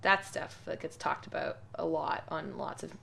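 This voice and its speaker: A woman with a lowish, gravelly voice, speaking as a guest in a casual podcast chat. She explains her views in an articulate, opinionated way. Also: normal speed, a bit bright, a little hiss or hum. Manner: opinionated, articulate, laughs easily. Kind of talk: casual conversation.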